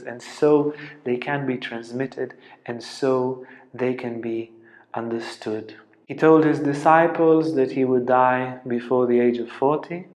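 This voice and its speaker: Man, spiritual teacher, storytelling lecture, earnest, hushed at tender moments, echoey room. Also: mid-range voice.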